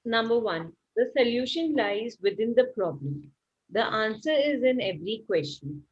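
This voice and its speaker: Woman participant reading a self-help passage, husky voice, dull lo-fi audio. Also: fairly high pitch, expressive. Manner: measured reading with pauses between phrases. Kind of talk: reading a text aloud.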